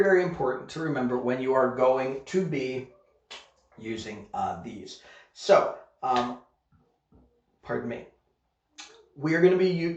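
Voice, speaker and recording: A man teaching English grammar in a recorded online lesson, speaking slowly and deliberately and checking in with "okay?" after each point. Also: mid-range voice, a little mellow. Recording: very echoey room, distant mic, dull sound.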